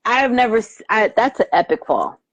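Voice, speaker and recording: A woman hosting a casual live movie review chat, animated and quick to laugh, acting out lines from scenes as she retells them. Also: fairly high pitch, dry recording, highs cut off. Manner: animated, quotes lines in put-on voices, lots of laughter. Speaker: host. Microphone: live video stream.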